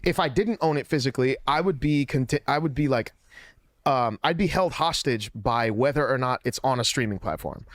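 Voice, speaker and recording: A man's voice: mid-range voice, normal speed, dry recording. A man in his thirties co-hosting a podcast, telling long, rambling stories in casual chat. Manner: long-winded, rambling storyteller. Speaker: podcast co-host.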